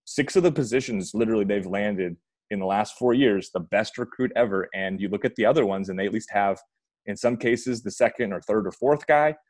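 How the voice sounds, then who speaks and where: A man with a lowish voice chats through a sports discussion, wandering and restarting his sentences as he goes. The sound is dry, with no room echo. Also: brisk, a little mellow. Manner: rambling, self-correcting, chatty. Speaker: podcast host. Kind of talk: casual sports talk.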